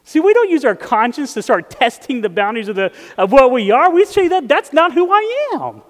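Guy pastor giving a sermon, pretty high voice, lots of "you see what im saying", hall reverb. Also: sing-song, normal speed. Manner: conversational, asks the audience often.

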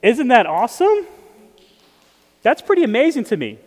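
Guy pastor giving a sermon, pretty high voice, lots of "you see what im saying", hall reverb. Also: expressive, normal speed. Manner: conversational, asks the audience often.

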